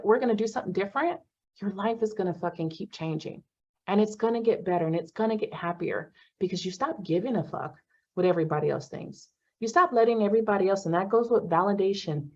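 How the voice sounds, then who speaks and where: A woman facilitating a self-help class in casual talk, blunt and profane, with animated bursts. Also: lowish voice, muffled recording.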